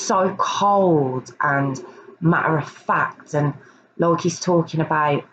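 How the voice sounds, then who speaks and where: A woman's voice: sits low, takes it slowly, muffled recording, a little hiss or hum. A woman earnestly recounting a true crime case in a casual review, often hesitating and repeating words.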